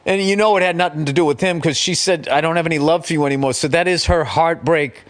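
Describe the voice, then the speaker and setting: A middle-aged man hosting a podcast, telling a story in a casual, profane, animated way and slipping into quick impressions. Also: on the high side. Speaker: podcast host.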